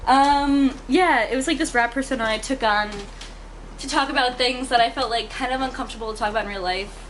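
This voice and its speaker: Fast, animated young woman storyteller. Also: a little high, a little hiss or hum. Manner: fast, animated, laughs often. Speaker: interviewee. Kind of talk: casual storytelling.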